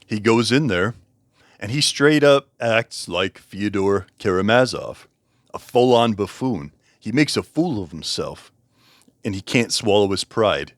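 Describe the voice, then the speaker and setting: A man's voice: fairly low pitch, animated, a little slow, no echo, studio quality. A man casually reviewing a book, rambling, correcting himself and chuckling as he talks. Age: over 20.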